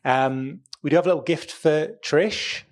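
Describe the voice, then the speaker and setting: A man's voice: fairly high pitch, normal speed. Guy emceeing the event, upbeat, thanking everybody. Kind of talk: hosting announcements.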